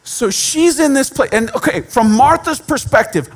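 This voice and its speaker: A man's voice: very high-pitched, animated, moderate pace, a bit bright. A man giving a sermon in a conversational way, with self-deprecating humor and repeated points for emphasis. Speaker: pastor.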